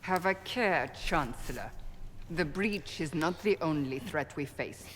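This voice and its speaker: A woman playing a firm, formal female holy warrior in a video game, speaking in a measured way. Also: low voice, lively intonation, big-room sound, a little hiss or hum. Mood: resolute. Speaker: church seeker, warrior.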